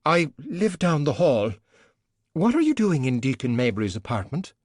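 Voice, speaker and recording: A man's voice: sing-song, normal speed, no room sound, clean studio sound. A man voicing a dramatic, tearful middle-aged woman neighbour who wails and sobs in an audiobook. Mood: flustered. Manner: shrill, wailing sobs. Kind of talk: audiobook character voice.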